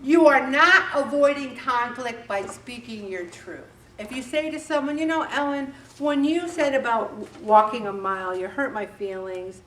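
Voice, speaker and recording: A middle-aged woman leading a faith-based weight loss group, talking in an animated way and acting out bits of dialogue. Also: on the high side, normal speed, few pauses. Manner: animated, acts out dialogue with voices. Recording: echoey room, distant mic, faint background noise.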